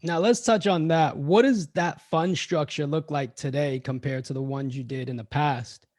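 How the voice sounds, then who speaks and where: A man hosts a podcast, his voice a touch higher than average, and he asks short, easygoing questions. He keeps things conversational and moves the talk along. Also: normal speed, darkish tone. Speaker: podcast host. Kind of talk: interview questions.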